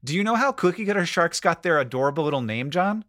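Lively, high-voiced man laughing through chat. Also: fast talker, dry recording, clean studio sound. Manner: animated, laughs often. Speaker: podcast co-host. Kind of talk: casual podcast chat.

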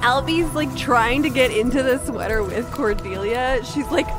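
A woman's voice: moderate pace, over music. A woman playing a tabletop role-playing game, slipping between her character and narration with giggly, gushing bursts. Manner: giggly, gushing, voice jumps up high. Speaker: player.

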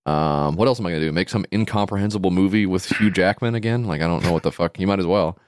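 A man's voice: sits low, fast talker, darkish tone, slight background noise. A man co-hosting a comedy podcast, telling a rambling, profane story and laughing through it. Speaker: podcast co-host.

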